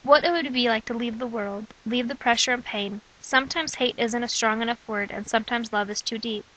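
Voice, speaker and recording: A young woman reading her own letters, prayers and poems aloud in an earnest, measured way. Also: fairly high pitch, fairly bright tone, poor audio. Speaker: person sharing her own testimony.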